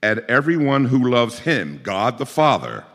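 A man's voice: medium pitch, very animated, measured pace, long reverb tail. A man preaching a sermon, explaining scripture verse by verse and pressing his points with emphatic exhortation. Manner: emphatic, rising to forceful exhortation.

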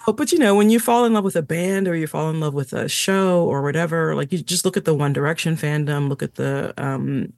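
A woman who is an author and musician, telling stories as an interview guest in an animated, chatty way with frequent laughter. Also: sits low, a little fast, creaky, hardly any pauses, dry recording, clean studio sound.

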